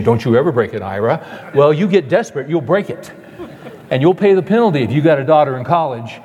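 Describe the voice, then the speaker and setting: An older man preaching a sermon, telling a personal story, acting out his past voice and dropping soft and low at the end. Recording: long reverb of a large hall.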